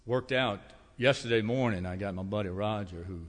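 A man preaching in a church, telling homespun stories with gentle humor. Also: fairly low pitch, moderate pace, big-room sound. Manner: folksy storytelling with humor. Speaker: pastor. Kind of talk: sermon. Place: church sanctuary.

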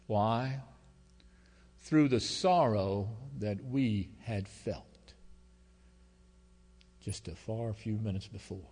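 A man preaching a sermon as pastor, telling stories in a folksy, emotional way that swings between loud and hushed. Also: on the low side, slow, long pauses. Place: church sanctuary. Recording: long hall reverb.

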